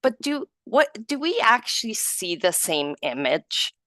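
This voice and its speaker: Chatty woman reading aloud, slow and lively. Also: a little high, dry recording. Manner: laughs often, chatty and self-correcting. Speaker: group reader. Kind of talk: casual reading and group discussion.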